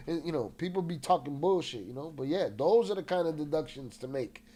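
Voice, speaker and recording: A man's voice: a little high, lively intonation, brisk, hardly any pauses, a little mellow. A man hosting a casual livestream, restless and agitated, swearing often and greeting chat members, with a slightly nasal voice. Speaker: livestream host.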